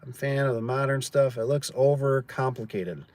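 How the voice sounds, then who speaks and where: Speaking at normal speed in a medium, slightly mellow voice, a man who runs a door and gate business chats casually on a livestream. He tells filler-laden stories and acts out what others said.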